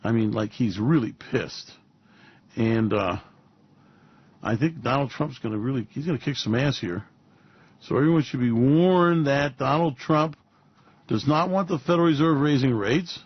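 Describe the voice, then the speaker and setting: A man's voice: mid-range voice, moderate pace, breathy edge. A man hosting a show, giving a rambling, sarcastic commentary monologue with frequent chuckles, mocking and theatrical in tone. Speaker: show host. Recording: dull lo-fi recording.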